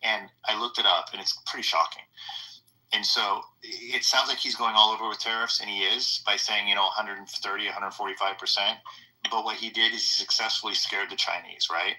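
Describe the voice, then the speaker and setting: A man's voice: on the low side, steady tone, a little fast, pushed and bright, rough recording. A man calling in with casual political commentary, emphatic and rambling as he leans on numbers. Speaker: caller.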